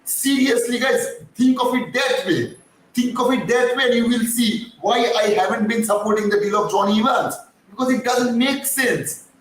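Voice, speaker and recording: A fan channel host rants heatedly through a live-stream commentary in a fairly high voice at a moderate pace, swearing and then apologizing for getting hyper. The mic is distant, the space very echoey, and a faint hiss sits underneath.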